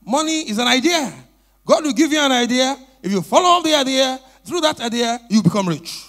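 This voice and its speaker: Male pastor, very high voice, animated preaching, church sermon. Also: a little fast. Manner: animated storytelling with call-and-response.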